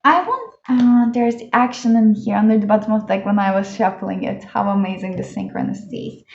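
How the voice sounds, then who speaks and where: A woman's voice: mid-range voice, a little fast, creaky, a little mellow. Chatty woman reading tarot, echoey room. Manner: chatty and enthusiastic, many fillers like "uh" and "like". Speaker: tarot card reader. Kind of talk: casual pick-a-card tarot reading. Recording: echoey room, dull lo-fi sound.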